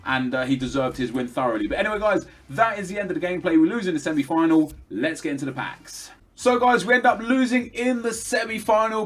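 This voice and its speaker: A young man rambling through casual commentary over his own gameplay, chatty, with lots of fillers and restarts. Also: a little high. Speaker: gaming commentator.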